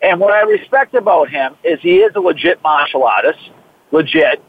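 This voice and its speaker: A man's voice: fairly high pitch, animated, moderate pace, slightly rough. Enthusiastic Boston man on a phone line. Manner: rambling, enthusiastic. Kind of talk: casual radio talk.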